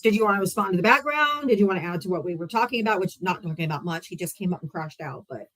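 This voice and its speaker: A woman's voice: fairly low pitch, animated, racing, fairly bright tone, low-quality recording. A woman hosting a live political debate stream. She talks in a blunt, mocking way and swears freely. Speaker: debate livestream host.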